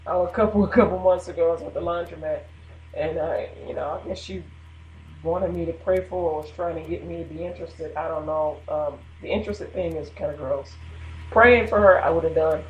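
A woman's voice: sits low, fast, reverberant, dull audio, a little hiss or hum. A woman hosting a radio show, talking casually about faith and laughing between her points. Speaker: radio host.

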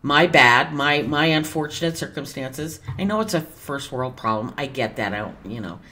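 A woman's voice: rumbling low, animated, moderate pace, pushed and bright. A woman talking casually in a vlog as a tarot reader, chatty and digressive, with some mild cursing.

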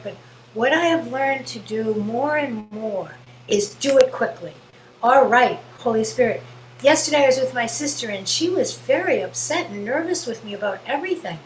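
A woman earnestly sharing spiritual reflections with a group, gently telling a personal story. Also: on the high side, roomy sound, slight background noise, low-quality recording. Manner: earnest, gentle, quotes herself in dialogue.

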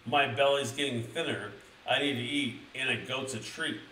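A man's voice: medium pitch, normal speed, bright, forceful tone, roomy sound, far from the mic, slight background noise, lightly acted, rough recording. A man voicing a big, hairy, hungry male troll who roars crude threats from a storybook. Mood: roaring.

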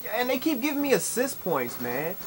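A young man casually commentating while he plays an online shooter, swearing and complaining with sudden excited outbursts. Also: very high voice, brisk. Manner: profane, frustrated, with excited outbursts. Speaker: gamer. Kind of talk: live commentary over gameplay. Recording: noisy capture over game audio. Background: game sounds.

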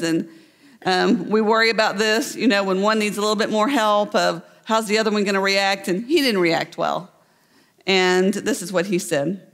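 A woman pastor delivers a sermon, bringing a parable to life in a storytelling manner. Her voice sits at a medium pitch. The sound carries the long reverb of a church sanctuary. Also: fairly bright tone. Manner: storytelling, voicing the characters in the parable.

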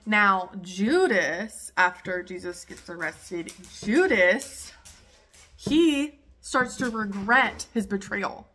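Bright-voiced young woman telling stories casually. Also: mid-range voice, slow pace. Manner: chatty, animated retelling with lots of fillers. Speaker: podcast host. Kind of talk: casual storytelling chat. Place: home with her dog nearby.

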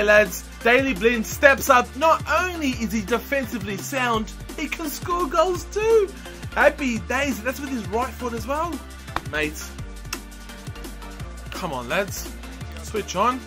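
A young man commentating on his own football game in a high, bright voice. He talks at an unhurried pace between bursts of excitement, and faint music plays underneath him. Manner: animated, shouts and groans at the action. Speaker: gaming commentator. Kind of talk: excitable live gameplay commentary.

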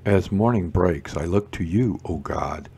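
A man leading morning prayer, reciting psalms and responses in a measured liturgical way. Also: low voice, vocal fry, mellow, husky. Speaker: prayer leader.

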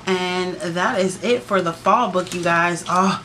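A woman's voice: lowish voice, measured pace, pushed and bright, a little hiss or hum. Gushing, sassy woman vlogger. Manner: chatty and gushing, keeps addressing the viewers; sassy playful asides. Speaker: planner sticker vlogger. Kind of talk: casual sticker book flip-through.

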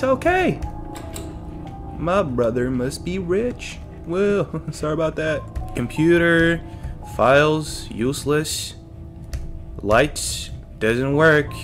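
A man's voice: fairly high pitch, very animated, slow, faint music behind. A man giving casual gameplay commentary as a streamer, joking to himself and his chat and yelping at scares. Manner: jokey, talks to himself and chat, yelps at scares. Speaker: let's play streamer.

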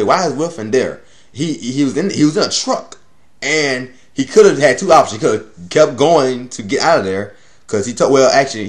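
A man reviews an anime episode in an offhand, rambling way, peppered with swearing and laughs. His pitch sits in the middle of the range but rises and falls a lot as he gets worked up. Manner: rambling, profane, laughs often.

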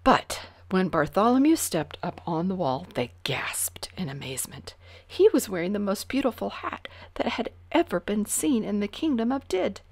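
A woman reading a children's storybook aloud in an expressive way, dropping to whispers for suspense. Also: medium pitch, normal speed. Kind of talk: reading a picture book aloud.

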